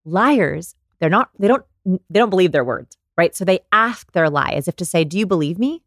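A woman guest on a podcast, explaining research in an animated, storytelling way and acting out examples. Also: lowish voice, moderate pace, dry recording, studio quality. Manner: animated storyteller, demonstrates voices. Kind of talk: conversational explaining.

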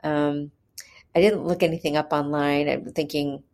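A woman recounting a hard personal experience, candid and earnest, pausing often with fillers as she talks. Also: low voice, flat delivery, a little mellow. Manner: hesitant, with frequent pauses and fillers. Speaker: mother telling her birth story. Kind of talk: personal storytelling.

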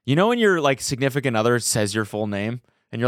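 A man hosts his own podcast on a small studio set, talking rapid-fire with few pauses in a medium-pitched, lively voice. The studio mic gives a slightly bright, dry sound, and his chat is loose and joking, packed with fillers and restarts.

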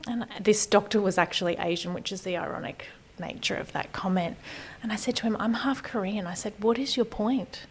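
A woman in her thirties telling a personal story candidly, often softening to a near whisper. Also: medium pitch, fairly quick, slight background noise, rough recording.

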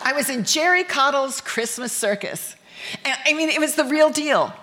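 Her voice sits high and animated at normal speed, with a crowd and background noise audible behind her. An American woman on stage, she tells a bawdy personal story in a live performance, candid and laughing throughout.

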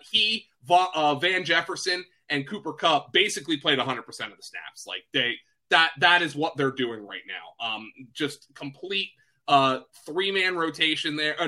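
Bright, high-ish male sports analyst. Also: animated. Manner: quick, chatty, self-deprecating, many fillers and restarts. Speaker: fantasy football analyst. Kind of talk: casual sports podcast chat.

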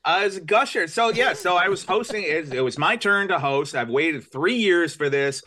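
A man from New York with a bright, forceful voice that sits a little high. He tells a story casually, poking fun at himself with animated detail. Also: moderate pace. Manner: self-deprecating, animated storyteller.

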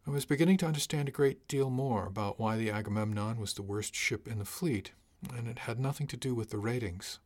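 A man giving a measured, dry first-person narration of a sci-fi audiobook. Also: medium pitch, a little mellow.

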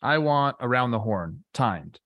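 Male co-host, middle pitch, relaxed and eager, chatty with fillers, dry close mic. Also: measured pace, dry recording. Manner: relaxed, enthusiastic, many fillers like "like". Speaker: podcast co-host, former player. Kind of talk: casual sports talk.

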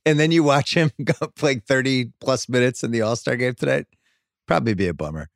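A man's voice: mid-range voice, a little fast, gravelly, dry recording. A man hosting a podcast in a studio, chatting casually about sports and prodding his guest with questions. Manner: conversational, probing questions, pushes the talk along. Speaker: podcast host.

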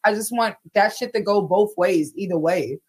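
A woman's voice: medium pitch, moderate pace, a little mellow, husky. A woman guest chatting casually in a brash, rambling, crude way. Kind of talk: casual chat.

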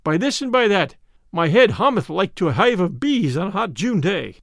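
A man's voice: sits high, very animated, moderate pace, vocal fry, fairly bright tone, dry recording, studio quality, heavily acted. A man voicing a bold, jovial outlaw leader who speaks in hearty, old-fashioned declaiming tones in a storybook reading. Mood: admiring.

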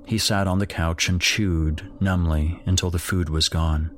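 A man narrating a dark horror story in a measured, grim storytelling voice. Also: low-pitched, fairly even intonation, a little hiss or hum.

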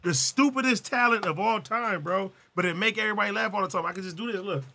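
Excitable host with a bright, husky voice. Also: male voice, sits high, fast talker. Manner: excitable, repeats himself, laughs often. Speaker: streamer host. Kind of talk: casual chat on a stream.

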